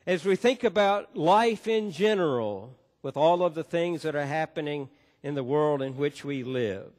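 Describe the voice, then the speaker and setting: Preacher man in a reverberant sanctuary. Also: fairly high pitch. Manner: emphatic storytelling. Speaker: pastor. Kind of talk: sermon. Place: church sanctuary. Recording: long church reverb.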